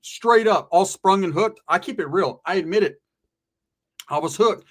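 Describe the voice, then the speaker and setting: A man's voice: sits high, moderate pace. A middle-aged man casually telling a profane, streetwise story from his past, often tagging his lines with "right?".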